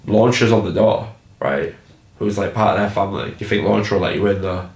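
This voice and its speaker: A man's voice: on the low side, brisk, darkish tone, reverberant, rough recording. A young man with a Hull accent, a musician, telling a casual story about a gig, chatty and swearing freely. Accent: Hull, England. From England. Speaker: musician in a band.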